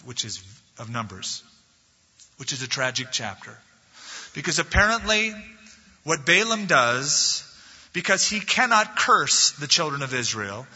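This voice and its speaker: A male pastor preaching a sermon, retelling a story with animated, emphatic delivery and a slightly husky voice. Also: on the high side. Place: church sanctuary. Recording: dull lo-fi recording in an echoey hall.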